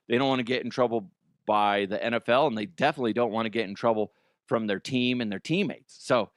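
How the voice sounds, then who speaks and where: A man's voice: mid-range voice, a bit bright, dry recording, clean studio sound. A man hosting a comedy news show, chatting casually, swearing and laughing often at himself. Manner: laughs often, profane, self-mocking.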